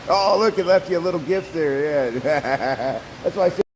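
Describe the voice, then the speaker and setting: A man's voice: on the high side, measured pace, a little hiss or hum, low-quality recording. A man narrating a casual walking tour inside a zoo birdhouse, chatting to the birds and often repeating and trailing off his words. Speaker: vlogger.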